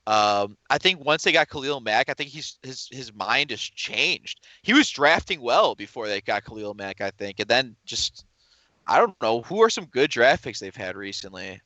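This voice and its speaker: Male podcast co-host, bright tense voice, rambling and jokey, dry lo-fi sound. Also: medium pitch, sing-song, normal speed, no echo. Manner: rambling, jokey, slips into impressions. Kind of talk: casual sports chat.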